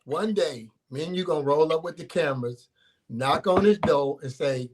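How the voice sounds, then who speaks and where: A man's voice: on the high side, fairly quick. A man in his sixties, a former football player and guest on a sports show, talking in a heartfelt, humble way with playful teasing. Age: 60s. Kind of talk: casual studio chat.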